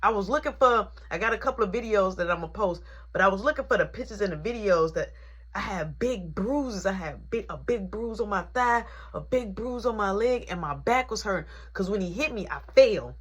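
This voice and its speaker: A woman recounting a personal story to camera in a loose, animated way. Her voice is bright and forward, and it sits at a medium pitch. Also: a little fast, slightly rough. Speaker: vlogger. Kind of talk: casual storytime.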